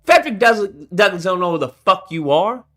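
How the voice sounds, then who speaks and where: A man's voice: sits high, expressive, brisk, pushed and bright. A man hosting his own channel, delivering a heated, profane, confrontational rant straight to his audience. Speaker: channel host. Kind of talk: ranting commentary to camera.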